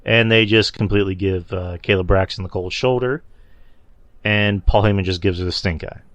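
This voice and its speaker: A man's voice: deep voice, fairly even intonation, normal speed, fairly bright tone, no room sound. A man hosting a podcast, casually recapping wrestling shows in a loose, rambling way, swearing and laughing at his own slips. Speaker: podcast host.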